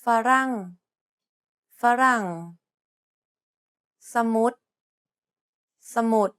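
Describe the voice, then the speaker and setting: A woman serving as the pronunciation model, reading example words aloud slowly, each one carefully enunciated. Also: a bit bright.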